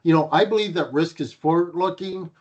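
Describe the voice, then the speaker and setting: A man's voice: a little high, fairly quick, a little mellow. Wry, bantering man, muffled audio. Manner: wry, bantering, emphatic with repeated starts. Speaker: podcast co-host. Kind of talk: casual podcast chat.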